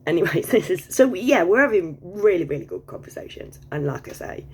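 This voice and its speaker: A woman's voice: on the low side, lively intonation, brisk, slight background noise. A woman vlogging in a casual, rambling monologue, swearing freely, digressing, and laughing often.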